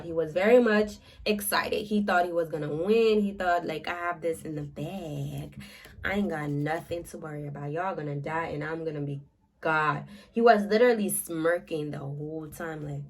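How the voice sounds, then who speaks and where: A young woman, casually retelling an anime plot in a chatty, animated way with filler words, in a room at home. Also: medium pitch. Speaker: makeup vlogger. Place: home room with a ring light.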